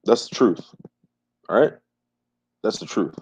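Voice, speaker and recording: A man with a lowish, slightly rough and somewhat mellow voice speaks a little slowly but with animation during a casual livestream chat. He curses freely and repeats his phrases for emphasis, all over muffled lo-fi sound.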